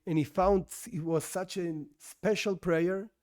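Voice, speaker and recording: A rabbi teaching an informal religious class, talking conversationally with rhetorical questions and frequent restarts, as a non-native English speaker. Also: male voice, high voice, fairly even intonation, a little slow, darkish tone. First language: not English.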